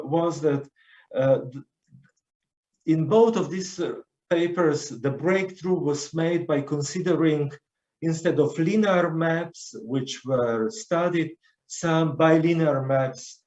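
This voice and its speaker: A man's voice: mid-range voice, darkish tone, lo-fi sound. Man lecturing in an echoey room. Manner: hesitant, many fillers and restarts. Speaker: conference speaker. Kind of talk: academic lecture.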